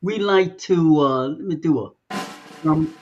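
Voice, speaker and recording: A man co-hosting a podcast chats casually and loosely, drawing out the words he wants to stress. His voice is a little high and slow, the audio dull, with soft music playing behind him.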